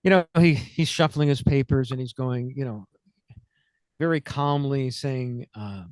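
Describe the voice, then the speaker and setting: On a studio mic with no room sound, a man in his sixties hosts comedic political talk radio in an expressive, mid-range voice at a moderate pace. He wanders, cracks jokes, and interrupts his own sentences.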